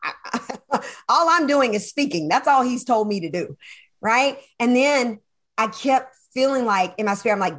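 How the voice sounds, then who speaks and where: Female interview guest, high-ish voice; lively storyteller who acts out her own past dialogue and laughs easily. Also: moderate pace. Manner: addresses listeners as y'all; laughs often. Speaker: podcast guest, sales coach. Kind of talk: personal storytelling in conversation.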